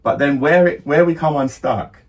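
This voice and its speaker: A man's voice: on the high side, moderate pace. A middle-aged man, co-hosting a casual podcast as a father, telling rambling stories full of restarts. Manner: rambling storyteller, many restarts and laughs. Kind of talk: casual chat. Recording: slightly distant mic, faint room noise.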